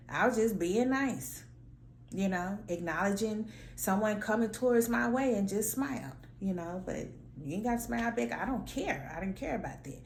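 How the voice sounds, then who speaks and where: A woman vlogger telling a story in a sassy, animated, slangy way, acting out her own lines. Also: medium pitch, normal speed, vocal fry, echoey room, a little hiss or hum. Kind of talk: casual storytelling rant.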